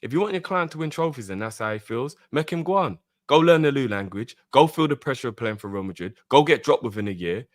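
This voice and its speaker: A man's voice: medium pitch, animated, fast, few pauses, no echo, studio quality. A man co-hosting a fan talk show, arguing heatedly and repeating his points insistently. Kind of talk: heated debate, arguing the club's side.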